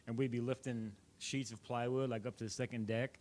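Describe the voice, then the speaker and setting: A man's voice: mid-range voice, little pitch movement, fairly quick. Rambling young man telling a story. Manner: rambling, self-correcting, chatty. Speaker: vlogger. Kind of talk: casual storytelling to camera.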